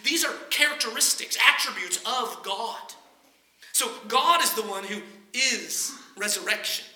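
A preacher working through a passage in a conversational, teaching style, with a bright, sharp voice. The speech echoes through a roomy space. The pitch sits in a middle range. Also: lively intonation, moderate pace. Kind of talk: sermon.

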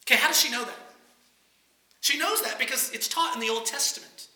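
Bright-voiced preacher in an echoey room. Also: high voice, brisk. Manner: conversational expository preaching. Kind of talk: sermon.

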